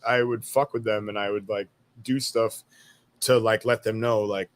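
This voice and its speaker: A man's voice: on the low side, steady tone, normal speed. Laid-back man telling army stories. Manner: laid-back, swearing, laughing at his own stories. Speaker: guest, army veteran. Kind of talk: casual storytelling interview.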